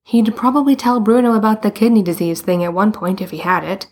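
A woman narrating a story in a calm, steady storytelling manner. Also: mid-range voice, fairly quick, breathy edge. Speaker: audiobook reader.

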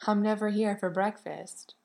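A woman voicing a gentle young husband. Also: medium pitch, steady tone, moderate pace, gravelly, close to an everyday voice. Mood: tender.

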